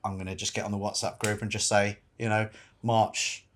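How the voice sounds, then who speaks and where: A man's voice: lowish voice, level tone, normal speed, slight background noise. A man hosting a podcast, chatting candidly and with enthusiasm. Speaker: podcast host. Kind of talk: casual chat.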